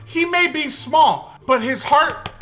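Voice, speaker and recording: A man's voice: extremely high pitch, lively intonation, slow, music in the background. A young man giving comedic commentary on a reality-show clip, joking and often slipping into mock voices. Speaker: YouTube commentator.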